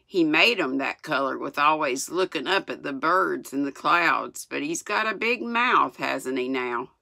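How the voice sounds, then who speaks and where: A woman's voice: low-pitched, animated, a little slow, creaky, sharp tone, dry recording, exaggerated voice. A woman voicing a cheerful young Yorkshire maid who talks in homely, plainspoken dialect. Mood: chatty.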